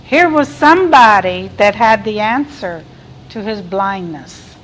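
A woman's voice: medium pitch, animated, measured pace, a little hiss or hum, rough recording. A middle-aged woman preaching a sermon, reading scripture aloud and asking her listeners questions. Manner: reads scripture aloud and cries out quoted lines loudly.

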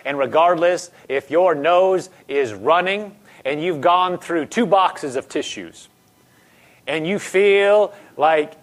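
A man preaching a sermon in a conversational style, slowing down and stressing key phrases. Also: fairly high pitch.

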